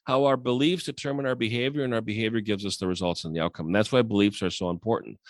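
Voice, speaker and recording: A man co-hosting a sales podcast in casual conversation, who acts out quoted dialogue with sharp jumps in pitch. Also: steady tone, fast talker, dry recording, studio quality. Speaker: sales coach and podcast co-host.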